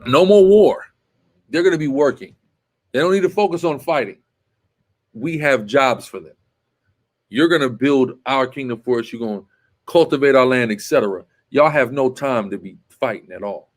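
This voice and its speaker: A man leads a Bible class in a forceful, emphatic way. He scolds his students and keeps checking with a quick "right?". He breaks in to tell the reader to read on. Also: medium pitch. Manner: emphatic, tags statements with "right?". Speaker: teacher leading a Bible class.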